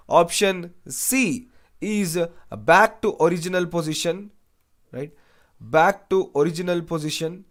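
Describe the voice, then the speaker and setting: A young man teaching an online exam-prep lecture, repeating phrases and asking "right?" after most lines, with Hindi asides. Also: a little high. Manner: mixes English with Hindi asides. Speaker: educator.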